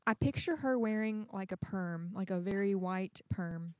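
A young woman host chatting loosely and second-guessing herself out loud. Her voice sits at a middle pitch and is recorded close with a dry sound. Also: normal speed, dry recording. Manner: chatty, rambling, self-questioning. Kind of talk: casual chat.

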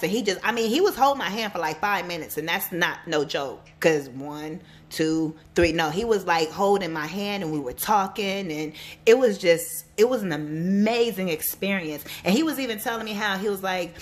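A woman's voice: medium pitch, normal speed. A woman who works as a psychic reader and life coach, talking casually and animatedly to her viewers and telling stories as she gives a reading. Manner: chatty, animated storytelling, addresses viewers directly.

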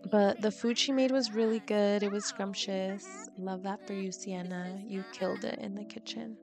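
A woman's voice: mid-range voice, fairly even intonation, moderate pace, music in the background. A young woman giving casual commentary over a life-sim game, giggly and reactive, laughing and exclaiming often. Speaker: let's play host.

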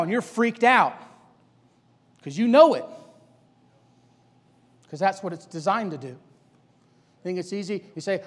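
A man's voice: high-pitched, a little fast, long reverb tail. A male preacher delivering a sermon, hammering the congregation with rhetorical questions. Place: church sanctuary.

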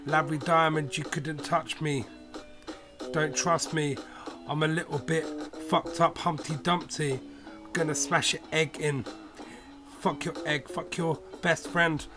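A man freestyle rapping into a camera, brash and profane, with an instrumental beat playing from a laptop. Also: fairly high pitch. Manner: brash, profane, rambling rhymes. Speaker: amateur freestyle rapper. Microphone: GoPro camera. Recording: music playing loudly behind.

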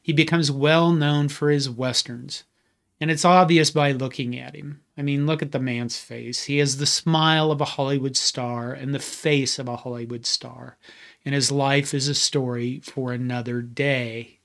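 A man's voice: mid-range voice, a bit bright. A man hosting a history channel, giving a scripted narration with conversational, wry asides.

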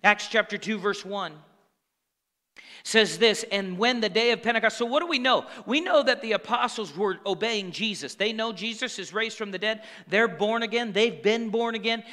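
Here a pastor gives a sermon, his high, ringing, bright voice echoing with the long hall reverb of the church sanctuary. He chats with the congregation rather than lecturing and adds call-and-response asides along the way.

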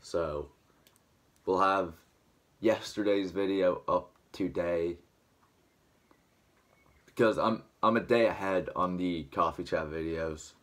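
Deep-voiced and fairly bright in tone, a young man talks slowly with long pauses. He's a vlogger rambling casually to camera at home early in the morning, dry-throated, filler-heavy and still waking up.

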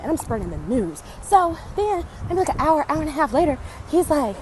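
A woman telling a comic story in a casual, animated, slangy way. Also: high voice, fairly quick, slight background noise. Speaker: storyteller in a social media clip.

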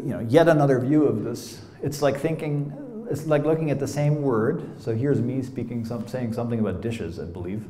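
A middle-aged American man lectures in a roomy hall, his voice mellow and dark. He talks loosely and playfully, dropping casual asides as he explains. The room gives his voice a clear echo. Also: medium pitch. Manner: conversational, many "you know" asides, playful. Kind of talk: academic lecture.

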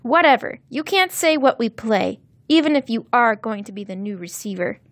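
A woman's voice: a little high, lively intonation, moderate pace, a bit bright, no echo. A woman voicing an irritated, defensive boy of about twelve in a storybook reading. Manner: sulky and indignant.

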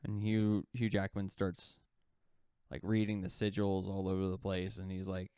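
Male podcast co-host, deep and smooth, loose rambling storyteller, close dry mic. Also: monotone, normal speed, dark tone, no echo. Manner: loose rambling retelling, heavy on "like" fillers. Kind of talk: casual storytelling.

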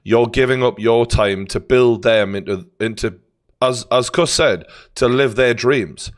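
A man's voice: mid-range voice, unhurried. A man with a Geordie accent hosting an interview, asking long questions with many fillers and restarts. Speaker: podcast host.

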